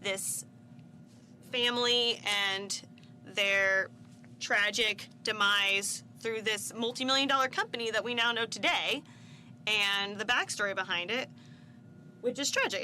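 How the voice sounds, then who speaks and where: A young adult woman giving a casual, opinionated film review, animated and indignant, her pitch leaping up when she gets worked up. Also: a little hiss or hum. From Italian family background.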